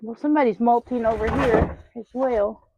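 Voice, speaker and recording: High-voiced woman scolding her hens. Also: fairly even intonation, moderate pace, mellow, breathy edge, no room sound. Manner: chatty, scolds her birds like children in a sing-song voice. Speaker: farm vlogger. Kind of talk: casual talk while doing farm chores. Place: outdoor poultry pen on a small farm. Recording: dull lo-fi outdoor recording.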